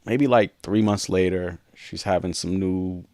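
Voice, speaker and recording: A man's voice: low-pitched, measured pace, darkish tone, dry recording. A man co-hosting a podcast, candidly telling a personal story in an earnest way and acting out past conversations. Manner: earnest, reenacts past dialogue. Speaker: podcast co-host.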